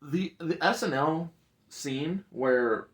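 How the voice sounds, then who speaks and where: A man co-hosting a casual movie review chat, talkative and quick to laugh. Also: a little high. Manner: laughs often, chatty. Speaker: podcast co-host.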